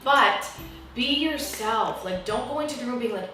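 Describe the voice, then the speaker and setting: A woman from New Jersey, an actress telling a story to an interviewer in a lively manner, acting out the voices of the people she quotes. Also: moderate pace. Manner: lively, acts out quotes with big pitch swings. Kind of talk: animated storytelling in a conversation. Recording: echoey room heard from a distance, faint music.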